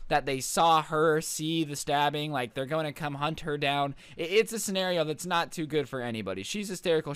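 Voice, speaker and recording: A man's voice: a little high, fairly bright tone, clear, resonant tone, dry recording. A young man casually telling a true-crime story, rambling and jokey with wry asides. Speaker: YouTube storyteller.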